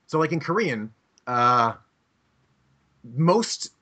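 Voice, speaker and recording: Lively, bright-voiced man joking around. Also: mid-range voice, moderate pace. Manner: animated storyteller who slips into mock voices. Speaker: podcast co-host. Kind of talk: casual comedic chat.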